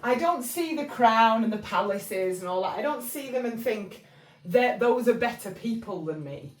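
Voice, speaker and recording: A woman's voice: a little high, animated, moderate pace, recorded from a distance. A woman from England talking casually and rambling about spiritual life lessons, with lots of fillers and restarts. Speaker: channel host. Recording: echoey room, voice somewhat off-mic.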